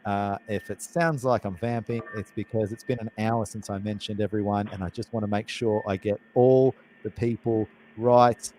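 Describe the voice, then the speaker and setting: A man's voice: lowish voice, fairly even intonation, normal speed, hardly any pauses, a little mellow, a little hiss or hum, rough recording. A man hosting a live cooking show, chatty, jokey and self-deprecating. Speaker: host.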